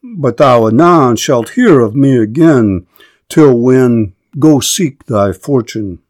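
A man's voice: medium pitch, lively intonation, takes it slowly, a little mellow, no room sound. A man reading the part of a proud, scornful Greek warrior in formal verse.

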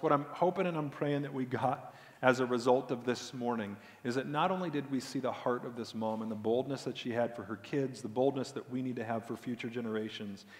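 Male pastor preaching, gets loud then goes real quiet on the sad story, big echoey church hall. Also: mid-range voice. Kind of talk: sermon. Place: church sanctuary. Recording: long hall reverb.

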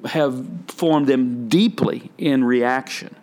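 A man's voice: mid-range voice, slow, darkish tone, slight background noise. An older man, a pastor and author, talking in a casual, reflective way and rambling as he tells stories in a podcast conversation. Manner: reflective, rambling storyteller with frequent restarts.

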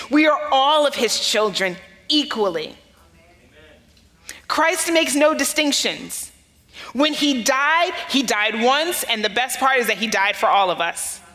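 A woman's voice: high voice, pushed and bright. A woman pastor from the United States preaching a sermon, telling a personal story with earnest emphasis. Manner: earnest storytelling, rising emphasis on key phrases. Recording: long hall reverb.

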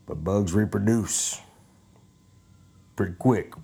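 A man's voice: on the low side, slow, creaky, mellow, breathy edge. A man hosting a podcast, rambling casually in a profane, joking, self-mocking way at home. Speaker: podcast host.

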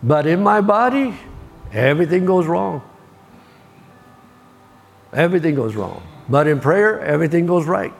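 An older man delivers a sermon with a gravelly edge to his somewhat high voice. He tells stories and hammers home his points by repeating them. A faint hum of ambient noise sits behind him. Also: very animated, measured pace, pauses often. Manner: storytelling, repeats key lines for emphasis. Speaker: preacher.

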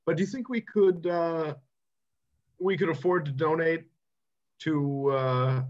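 A man's voice: on the high side, takes it slowly. Rambling podcast man, muffled sound. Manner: earnest, rambling, plays along with the bit. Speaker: podcast co-host. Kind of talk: deadpan comedic podcast chat.

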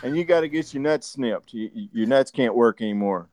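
A man's voice: mid-range voice, animated, fairly quick, very noisy. A man, a podcast guest rambling through casual, profane stories between laughs. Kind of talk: casual chat.

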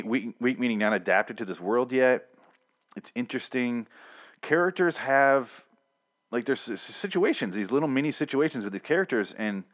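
A man casually recapping a TV episode, with blunt, profane rants. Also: medium pitch.

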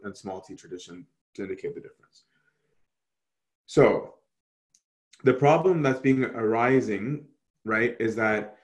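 Conversational man teaching on a video call. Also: fairly low pitch. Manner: conversational, asks many rhetorical questions. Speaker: Orthodox Christian teacher. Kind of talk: teaching an online class with Q&A.

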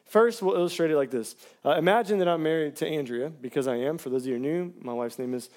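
A man preaching a sermon at a live church service, his voice sitting a little high for a man. He talks with casual fillers and easy laughter, calling on the congregation to answer back. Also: quick pace. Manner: energetic, calls out to the congregation for responses; laughs between phrases, casual filler words. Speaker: pastor.

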